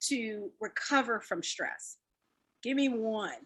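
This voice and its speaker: A woman leading a laughter and stress-relief workshop, energetic and encouraging, laughing often as she explains. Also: fairly high pitch, slow pace, breathy edge. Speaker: fitness speaker leading a wellness talk. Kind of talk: live online wellness workshop.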